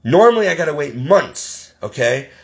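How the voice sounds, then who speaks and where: A man's voice: on the high side, big pitch swings, moderate pace. A man in his forties talking in a casual vlog, tearful and crying, rambling and exasperated. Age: 40s.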